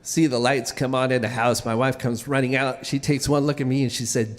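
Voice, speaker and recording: A man's voice: medium pitch, steady tone, fairly quick, few pauses, big-room sound. A man telling a comic, self-deprecating story live on stage, stammering and restarting as he goes.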